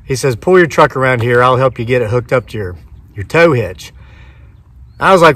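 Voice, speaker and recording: A man's voice: medium pitch, lively intonation, a little fast, fairly bright tone, dry recording, distant mic. A man in his forties, a homesteading vlogger, retelling a story to camera outdoors and acting out both sides of the dialogue. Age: 40s.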